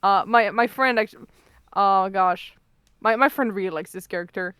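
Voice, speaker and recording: A woman's voice: medium pitch, moderate pace, a bit bright, clear, resonant tone, dry recording, clean studio sound. A woman hosting a game playthrough, chatting casually with friends in a giggly, teasing way. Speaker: host player. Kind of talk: casual group chat over a game.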